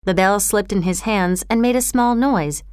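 A woman narrating a storybook in an even, clear reading manner. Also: mid-range voice, moderate pace, no echo, clean studio sound.

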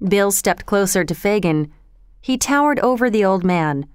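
A woman narrating a storybook aloud in a slow, clear and even manner. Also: medium pitch, no echo, clean studio sound.

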